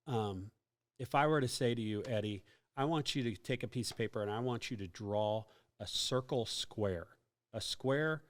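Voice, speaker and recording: A man hosting a casual youth ministry podcast, explaining faith questions in a teacherly way with many fillers and joking asides. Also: medium pitch.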